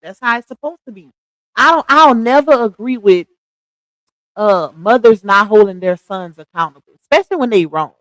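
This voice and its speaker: Reading her viewers' chat comments aloud, a middle-aged woman hosts a casual gossip livestream, responding with sassy slang and plenty of laughter. Her mid-range voice is animated and moderately paced. There's no room sound, and the recording quality is low.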